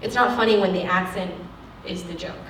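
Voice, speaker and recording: An actress speaking frankly at a lecture, acting out the people she quotes in an animated way. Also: medium pitch, brisk, slight background noise. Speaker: actress giving a guest lecture. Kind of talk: candid talk at a lecture Q&A. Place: lecture hall. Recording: echoey hall, distant mic.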